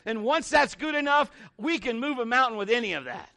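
High, bright-voiced man preaching. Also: fairly quick, vocal fry. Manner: animated, conversational preaching with lively pitch swings. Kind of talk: sermon.

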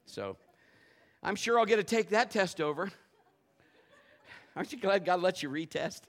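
Male pastor preaching, high bright voice, animated, middle-aged, storytelling sermon. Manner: animated, swings from low murmurs to loud outbursts.

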